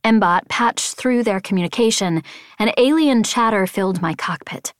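A woman's voice: medium pitch, moderate pace, no room sound, studio quality. Woman narrating a tense adventure. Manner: expressive, tense storytelling. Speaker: audiobook narrator. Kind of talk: first-person novel narration.

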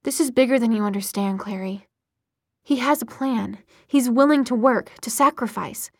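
A woman's voice: a little high, normal speed, no echo. Cocky teasing young guy, audiobook, woman reading him, dry close sound. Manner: smooth, lightly mocking.

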